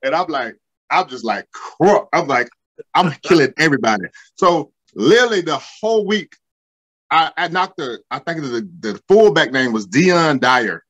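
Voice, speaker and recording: Animated man telling football stories. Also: on the high side, normal speed, lo-fi sound. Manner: animated, swearing, slangy storyteller. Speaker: guest, former football linebacker. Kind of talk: casual storytelling.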